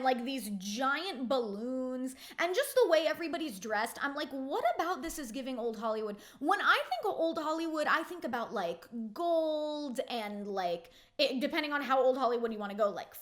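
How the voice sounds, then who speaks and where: A woman's voice: sits high, fairly bright tone. A young woman giving a casual, opinionated reality TV recap, chatty and gossipy, filling her talk with "like". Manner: chatty, gossipy, heavy use of "like".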